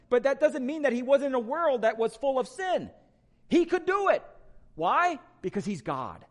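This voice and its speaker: A man preaching a sermon to a congregation, asking rhetorical questions and swinging between loud emphatic lines and quiet ones. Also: high-pitched. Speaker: pastor.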